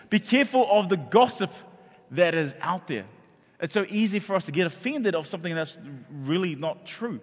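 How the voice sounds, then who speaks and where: New pastor preaching in a hall. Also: male voice, high voice. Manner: animated storytelling that acts out quoted voices. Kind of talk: sermon. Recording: echoey hall reverb.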